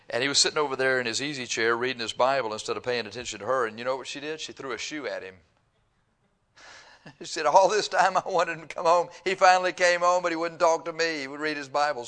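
A middle-aged male pastor in full sermon mode, folksy and animated, reads scripture before slipping into long stories. He chuckles and imitates the voices of the people he quotes, speaking at medium pitch.

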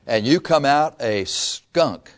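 Male preacher, sermon, folksy, animated, brisk scripture reading, soft asides and loud bursts. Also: mid-range voice. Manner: reads scripture in a brisk run.

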